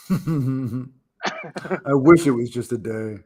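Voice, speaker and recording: A man's voice: medium pitch, drawn-out words, darkish tone, husky. Hesitant man in casual chat. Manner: hesitant, repeats words while searching for them.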